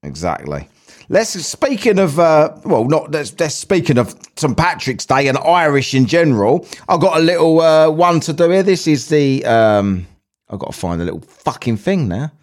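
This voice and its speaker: With a fairly high voice that swings widely in pitch, this podcast host from England reads out a news article at a moderate pace. Between passages he chats casually, swearing freely, trading banter, and laughing at his own jokes.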